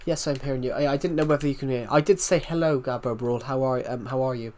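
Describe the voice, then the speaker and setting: A man's voice: mid-range voice, fast, a little mellow. A man livestreaming a video game, rambling casually to his chat as he plays and repeating words to himself. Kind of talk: casual live gaming stream chat.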